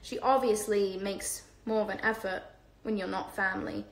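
A woman's voice: mid-range voice, fairly even intonation, normal speed, reverberant, natural voice, poor audio. A woman voicing a joking teenage boy twin in a storybook reading, dry and cheeky.

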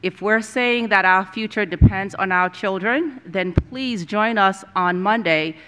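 School board lady, bright voice, measured formal reading of a resolution. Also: medium pitch, clear, resonant tone. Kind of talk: reading a resolution, then speaking to it.

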